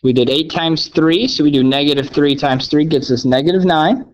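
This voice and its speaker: A man's voice: a little high, normal speed. A man teaching a recorded math lesson, upbeat and playfully sarcastic, often checking in with "okay?". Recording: dull lo-fi sound.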